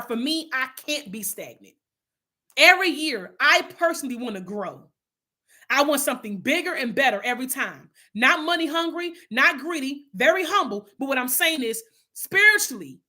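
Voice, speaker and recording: A woman with a high, bright voice leads a Bible study, speaking to her viewers in an earnest, heartfelt way. She talks loosely and warmly to them, rambling a little and restarting sentences as her thoughts come. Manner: heartfelt, earnest, addresses listeners as y'all. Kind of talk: casual spiritual talk to viewers.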